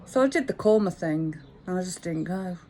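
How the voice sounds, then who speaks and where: A woman's voice: fairly low pitch, lively intonation, normal speed, mellow, a little hiss or hum. A woman, telling a rambling, frank anecdote in a chatty way. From English Midlands. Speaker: vlogger. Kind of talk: casual storytelling monologue.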